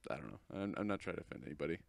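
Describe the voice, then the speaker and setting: A man's voice: rumbling low, animated, rapid-fire, vocal fry. A young man giving rambling, goofy and self-deprecating commentary over a screen recording of his channel. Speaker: channel host.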